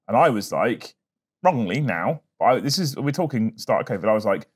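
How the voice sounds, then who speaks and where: A man hosting a podcast, telling stories in an animated, casual way and swearing freely. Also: mid-range voice, moderate pace, husky. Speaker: podcast host. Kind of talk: casual chat.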